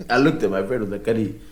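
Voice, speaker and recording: A man co-hosting a podcast, telling a story in a casual, animated way and laughing often. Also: medium pitch. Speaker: podcast co-host. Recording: roomy echo.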